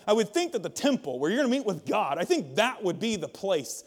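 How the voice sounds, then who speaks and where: A man's voice: high-pitched, sing-song, fairly quick, slightly rough. A male pastor preaching a sermon in a humorous, conversational way, asking the congregation questions. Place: church auditorium. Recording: long reverb of a large hall.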